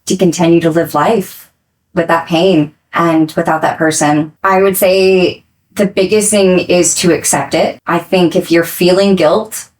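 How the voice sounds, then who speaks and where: Reflective woman with a lowish voice. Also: fairly even intonation, low-quality recording. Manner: earnest and reflective, quick bursts between slow phrases. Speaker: podcast guest. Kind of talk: candid interview talk.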